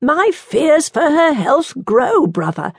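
A man's voice: very high voice, very animated, measured pace, vocal fry, dry recording, studio quality, pitched above the performer's own voice, heavily acted. A woman reading the part of a worried male London physician, calling out over a storm while riding. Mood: anxious pleading. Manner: shouting over the wind.

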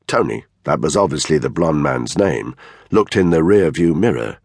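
Deep male narrator, gravelly, husky, measured thriller reading, dry close mic. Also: animated, a little mellow, no room sound. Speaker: audiobook narrator. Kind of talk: scripted narration.

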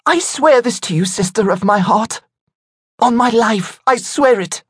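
A man's voice: very high-pitched, unhurried, slightly rough, no echo, clean studio sound, voice pushed up, exaggerated voice. A man voicing a loyal young woman, a tearful friend who cries out and swears an oath in a choked, vehement way. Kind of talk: audiobook character voice.

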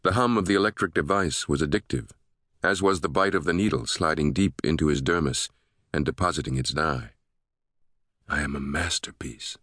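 Guy reading a thriller audiobook, really low voice, dry close mic, steady and measured. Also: no echo. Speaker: audiobook narrator. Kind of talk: scripted thriller narration.

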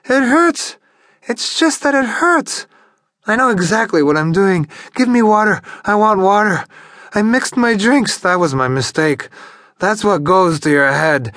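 A male narrator voicing a drunken young woman who cries out in a high, piercing voice and pleads, repeating herself. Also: fairly bright tone, no echo, clean studio sound. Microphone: studio microphone, close and dry.

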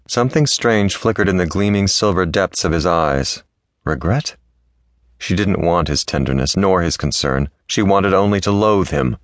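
Very deep male audiobook narrator. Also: moderate pace, a bit bright, dry recording, clean studio sound. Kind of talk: scripted romance narration.

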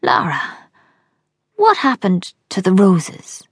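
A woman voicing a frail, bedridden old man with a croaky, weak voice. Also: medium pitch, huge pitch swings, slow pace, no room sound, clean studio sound, heavily acted. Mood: weak, tender.

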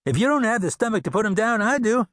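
A man voicing an angry, hot-headed male bounty hunter in an audiobook western, shouting in a hostile way. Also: high voice, very animated, quick pace, no room sound, studio quality, voice pushed up.

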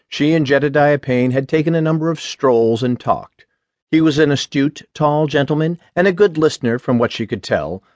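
A man reading an audiobook in a measured, even scripted narration. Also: mid-range voice, no room sound.

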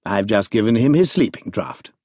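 A man's voice: lowish voice, animated, moderate pace, mellow, no room sound. A man voicing a cool, firm doctor in a storybook.

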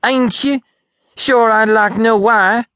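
A man playing a shrill fiery little rebel. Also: slow, a bit bright, clear, resonant tone, no room sound, clean studio sound. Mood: sneering. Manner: shrill, quarrelsome, sneering. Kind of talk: audiobook character voice.

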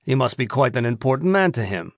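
An audiobook narrator plays a smug, greedy prison commandant, stretching his words out slowly with oily, fake politeness that hides threats. The delivery is very animated and slyly menacing, in an ordinary male pitch recorded dry and close with no room sound.

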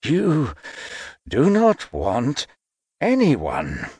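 A woman voicing a stern, unbending aristocratic father in an audiobook, slow and commanding. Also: rumbling low, huge pitch swings, warm tone, husky, no room sound, pitched below the performer's own voice, exaggerated voice. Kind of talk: audiobook character voice.

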